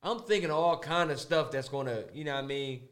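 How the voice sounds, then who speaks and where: A man with a medium-pitched voice chatting casually about a fight. He talks in loose slang and keeps slipping into the voices of the people in his stories. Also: brisk, a bit bright. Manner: slangy, storytelling with quoted voices. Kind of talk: casual chat.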